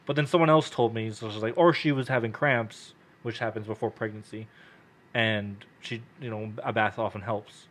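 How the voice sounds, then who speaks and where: Brief: young male podcast co-host, animated storyteller, acts out quotes, swears freely, casual chat. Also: fairly low pitch, moderate pace.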